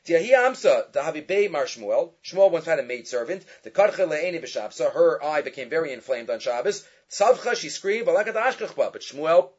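Male Talmud teacher, quick and lively, slightly high husky voice, muffled lo-fi sound. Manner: quick, lively explaining with rhetorical questions. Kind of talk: Talmud lecture, reading and translating text.

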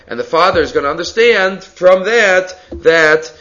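A man's voice: fairly high pitch, normal speed, hardly any pauses, pushed and bright. Man, Talmud class teacher, explanatory lecture, slightly muffled lo-fi audio. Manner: explanatory, mixes Aramaic readings with English. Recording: slightly dull lo-fi recording.

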